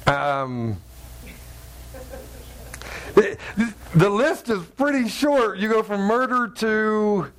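Male pastor with a high voice; preaches like chatting with friends, jokes and plays out little exchanges. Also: animated, very slow, long pauses. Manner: humorous, acts out dialogue in voices. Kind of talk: conversational sermon.

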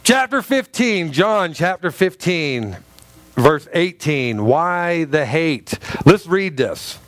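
A man's voice: a little high, lively intonation, slow. Chatty joking pastor, man. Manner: chatty and joking, with many restarts and laughs. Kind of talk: sermon.

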